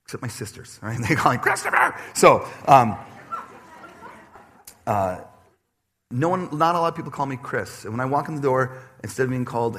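A man preaching a sermon to his congregation, animated and personal, acting out quoted voices with laughter. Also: mid-range voice, moderate pace. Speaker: pastor. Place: church stage before a congregation.

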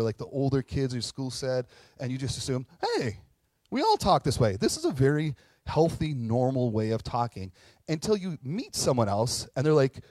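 A man's voice: medium pitch, darkish tone, dry recording. A man in his forties giving a casual, conversational sermon as a pastor, acting out quotes and adding frequent asides. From Minnesota.

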